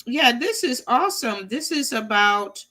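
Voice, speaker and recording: A woman's voice: on the high side, animated, a little slow, sharp tone. A middle-aged woman co-hosting a casual chat show, reading a news article aloud with small restarts and easy laughs. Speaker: co-host.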